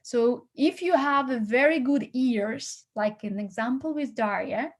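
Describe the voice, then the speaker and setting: A woman's voice: a little high, a little slow. A woman coaching actors, giving rambling, encouraging feedback full of fillers and restarts. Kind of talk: critique and advice to actors.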